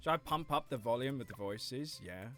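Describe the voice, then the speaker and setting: A gaming streamer chatting casually to viewers in an animated way, laughing often, at a home desk mic. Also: mid-range voice, normal speed, soft background music. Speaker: gaming livestreamer. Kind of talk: casual livestream commentary.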